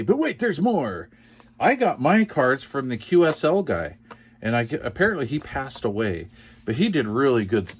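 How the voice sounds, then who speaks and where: A man chatting casually as he unboxes radio cards, rambling and joking as he reads call signs aloud. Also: mid-range voice. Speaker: CB radio hobbyist vlogger.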